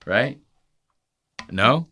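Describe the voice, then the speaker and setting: A man's voice: mid-range voice, lively intonation, very slow, pushed and bright. A man hosting a podcast, chatting casually in a crude, joking, rambling way. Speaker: podcast host. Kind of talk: casual chat.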